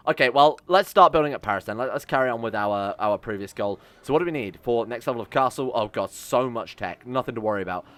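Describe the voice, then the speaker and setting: A man talking through a strategy game in a sarcastic, swearing commentary. His voice sits at an ordinary middle pitch. Faint music plays under him. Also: fairly bright tone. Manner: sarcastic, swearing, reads event text aloud. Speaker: let's-play host.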